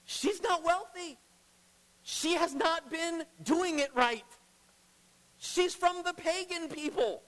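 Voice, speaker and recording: A middle-aged man preaching a sermon as pastor, emphatic, swinging between loud and hushed. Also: very high-pitched, slow pace. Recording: long reverb of a large hall.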